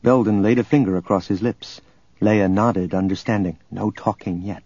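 A man narrating a novel in a steady, even storytelling manner, recorded as a dull lo-fi audiobook. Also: on the low side, moderate pace, breathy edge, no echo. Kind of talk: scripted narration.

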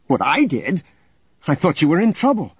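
A man voicing a calm, protective young male hero who speaks low and measured. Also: breathy edge, no room sound, exaggerated voice. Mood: urgent. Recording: dull audio under loud music.

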